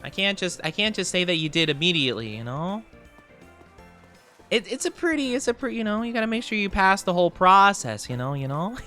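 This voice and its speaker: Livestreamer, casual gameplay chat, bright, giggly voice, soft music underneath. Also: medium pitch, animated, normal speed. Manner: chatty and giggly, answers chat messages. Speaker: streamer reading chat.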